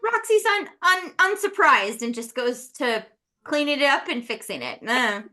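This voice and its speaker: A woman with a high, bright voice that swings widely in pitch, chatting and joking with her fellow players. She laughs often. Faint music plays behind her. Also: sing-song, a little slow. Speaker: tabletop player. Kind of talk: casual chat between players.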